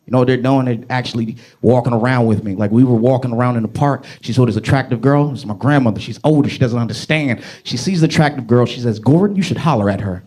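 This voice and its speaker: A man's voice: medium pitch, fairly even intonation, fast, hardly any pauses, a little mellow. A male stand-up comedian telling dating stories and acting out people. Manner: storytelling, acts out people.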